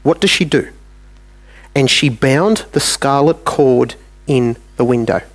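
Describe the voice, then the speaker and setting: A man's voice: medium pitch, slow. A man with an Australian accent preaching a sermon in a church, talking plainly and acting out little dialogues with God.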